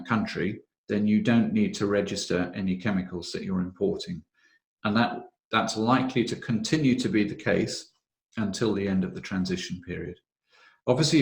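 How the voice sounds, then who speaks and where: Low-voiced man explaining regulations. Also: roomy sound. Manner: measured, methodical, frequent "uh" fillers. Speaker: webinar presenter on health and safety law. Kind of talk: explanatory webinar talk.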